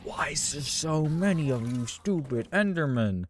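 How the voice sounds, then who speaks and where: A man's voice: on the high side, expressive, a little slow, music in the background. A man giving profane, exasperated gameplay commentary and taunting game enemies aloud. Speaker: gaming YouTuber.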